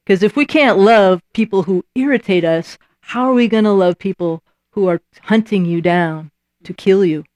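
A woman preaching a sermon with an animated delivery. She acts out quoted voices and repeats key lines for emphasis. Her voice sits in a middle pitch and the sound is dry and close. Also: moderate pace, no echo.

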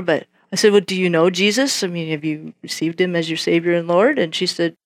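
A woman with a lowish voice speaks briskly in a dry, clean studio recording. She gives her Christian testimony casually, telling it vividly, acting out both sides of the conversations and laughing often.

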